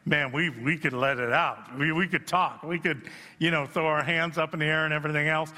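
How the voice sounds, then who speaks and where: A man's voice: on the high side, fairly even intonation, a little fast. Preaching man in a reverberant church hall. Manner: self-deprecating, swells to shouting at peaks. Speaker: pastor. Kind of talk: sermon. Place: church sanctuary.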